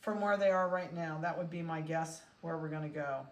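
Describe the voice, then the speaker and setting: A woman's voice: low-pitched, fairly quick, distant mic, lo-fi sound. A woman dog breeder from central Ohio, chatting casually and laughing often as she weighs and collars puppies. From central Ohio, USA. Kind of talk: casual talk while handling puppies. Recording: echoey room, away from the mic.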